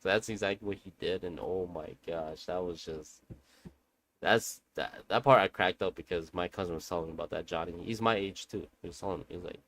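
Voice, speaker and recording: A man with a somewhat low voice chats casually to viewers while he plays a game. He rambles and repeats himself, with slang and the odd curse, as he spins a family story for his audience. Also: fairly quick, fairly bright tone, slight background noise. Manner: loose, rambling, talks straight to viewers with slang and swearing. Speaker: game streamer.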